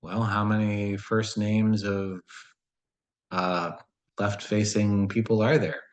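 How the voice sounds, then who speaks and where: A man's voice: lowish voice, level tone, slow pace, poor audio. A man solving a word puzzle and thinking aloud in a casual, musing way, often questioning himself. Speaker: puzzle solver.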